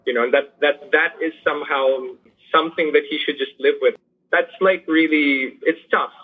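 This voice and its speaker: A man speaks in earnest, halting sentences, restarting often as he searches for words. His voice sits a little high and comes through slightly husky. The sound is thin and tinny, as if over a phone line. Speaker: teacher working with poor youth. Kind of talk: interview over a remote line. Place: lives in Manila.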